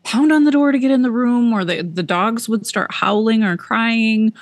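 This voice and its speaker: A woman co-hosting a podcast, telling a personal story in a casual, animated way and repeating words for emphasis. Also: fairly high pitch, normal speed, no echo. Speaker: podcast co-host.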